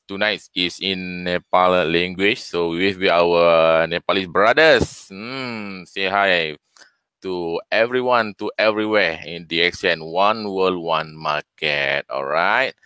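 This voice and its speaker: A deep-voiced man hosts a live online session, pausing often and filling gaps with hesitations. His voice is bright and clear, and the sound is dry, with no room in it. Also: no room sound. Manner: hesitant, with many fillers and restarts. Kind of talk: live-stream hosting.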